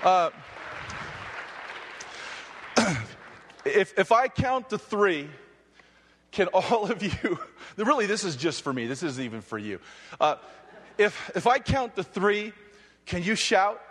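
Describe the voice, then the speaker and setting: A man's voice: sits high, big pitch swings, slow, long pauses, fairly bright tone. A man preaching and praying fervently to a live audience, joking and rousing the crowd. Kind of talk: energetic sermon with prayer. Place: large hall with live audience. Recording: long hall reverb.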